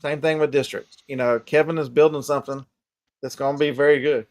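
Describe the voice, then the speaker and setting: Southern guy co-hosting a live stream, folksy and pushy, slightly high voice, dry room. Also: fairly even intonation, fairly quick, dry recording. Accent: Southern American. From American South. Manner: folksy, emphatic, repeats himself. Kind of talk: casual live-stream chat.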